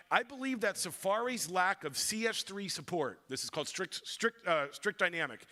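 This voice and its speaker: A man's voice: high voice, bright, forceful tone. A man giving a conference talk, telling a story in a playful way and acting out other people's lines. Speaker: conference speaker. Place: conference stage.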